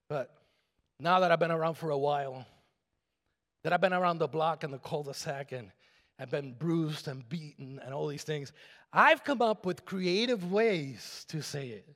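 A middle-aged man preaches in a big church sanctuary. His voice sits very high and rings bright and forceful, and the long hall reverb trails after each line. He swings between loud shouted points and hushed asides, pulling the congregation in to answer him. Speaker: pastor. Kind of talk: sermon.

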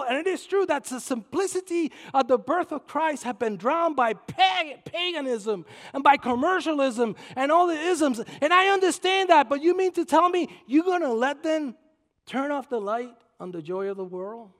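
High-voiced preacher in a hall. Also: male voice, moderate pace. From Puerto Rico. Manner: storytelling that swings from soft asides to shouted climaxes. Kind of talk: sermon. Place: church sanctuary. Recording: long hall reverb.

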